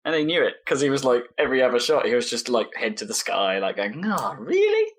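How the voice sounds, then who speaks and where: A man's voice: medium pitch, fast talker. A man co-hosting a casual podcast chat, rambling and self-interrupting, laughing often. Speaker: podcast co-host.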